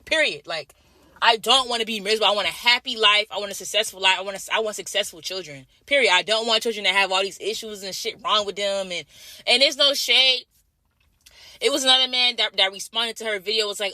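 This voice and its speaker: A woman from Jamaica rants straight to camera in a casual vlog, blunt, profane and repetitive. Her voice is strikingly bright and piercing, set at a middling pitch. The sound is completely dry, with no room around it. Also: fairly quick, dry recording. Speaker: vlogger. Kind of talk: casual ranting monologue.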